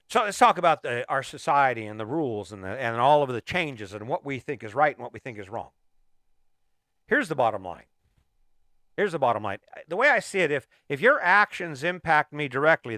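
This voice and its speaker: Emphatic middle-aged man, bright voice. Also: mid-range voice, dry recording, clean studio sound. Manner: emphatic, repeats rhetorical questions, restarts phrases. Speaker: podcast host. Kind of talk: motivational podcast monologue.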